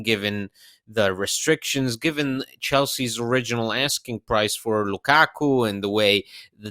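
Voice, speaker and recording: A man's voice: lowish voice, bright, forceful tone, clean tone, no room sound, studio quality. A man co-hosting a casual podcast chat, teasing and stumbling over his first words. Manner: teasing, stammers at the start of sentences. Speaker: podcast co-host.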